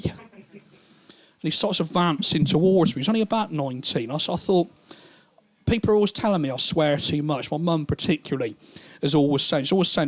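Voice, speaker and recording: A male stand-up comedian telling long anecdotes in an animated, rambling way, crude and quick to swear. His voice sits a little higher than most men's. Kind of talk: stand-up storytelling.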